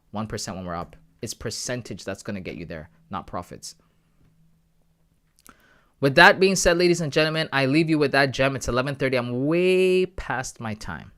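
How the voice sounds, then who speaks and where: A man from Canada runs a live trading stream in a casual, hyped-up way, often calling his viewers guys and bro. His voice sits at an ordinary middle pitch. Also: fairly bright tone. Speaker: trading livestream host.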